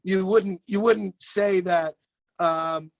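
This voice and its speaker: A man's voice: high voice, steady tone, slow pace, creaky, dry recording. A man co-hosting a call-in show, chatting loosely and comically, swearing and laughing as he goes. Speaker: comedian co-host. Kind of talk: casual comedic chat.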